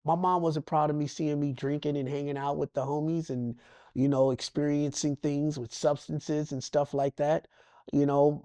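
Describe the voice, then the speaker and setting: With a fairly high, mellow voice and no room sound, a man from Los Angeles appears as an interview guest. He recounts his life passionately, in bursts reminiscent of a preacher and with phrases he repeats, during an emotional, personal interview.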